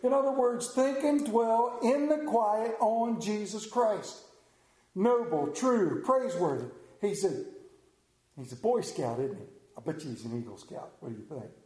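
A man preaching a sermon as pastor, conversational and joking, often dropping to a hushed voice. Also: sits high, expressive, unhurried. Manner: humorous, conversational preaching with sudden hushed drops. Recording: roomy church echo.

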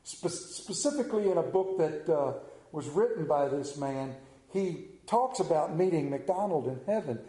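A man's voice: a little high, animated, normal speed, warm tone. A man preaching a sermon and leading a prayer, earnest, with self-deprecating asides. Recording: roomy echo.

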